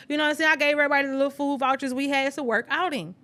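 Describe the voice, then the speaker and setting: A woman with a bright, high voice tells a messy personal story in casual podcast chat. She throws herself into each quoted line, jumping up and down in pitch as she acts out the people in it. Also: racing, few pauses, clean tone. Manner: animated storyteller acting out quotes. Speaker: podcast co-host.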